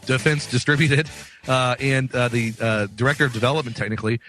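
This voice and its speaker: A man's voice: mid-range voice, a little fast, over music. A man hosting a radio talk show, upbeat and chatty in casual studio talk. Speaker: host.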